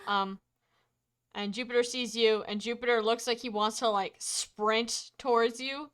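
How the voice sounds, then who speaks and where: A woman's voice: fairly high pitch, steady tone, unhurried, fairly bright tone, smooth. A young woman narrating a tabletop role-playing game as game master, casual with frequent fillers. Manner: casual, many fillers, laughs along.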